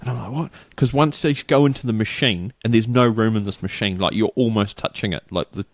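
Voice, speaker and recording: A man's voice: lowish voice, fairly quick, dry recording, studio quality. A middle-aged New Zealand man chatting casually as a podcast co-host, rambling through a story and acting out the people in it. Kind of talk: casual chat.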